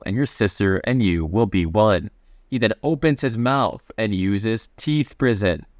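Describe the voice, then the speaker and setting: A man's voice: lowish voice, no echo. Man casually recapping a comic, dry close mic. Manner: reads character quotes in his plain voice, chatty asides. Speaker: manhwa recap narrator.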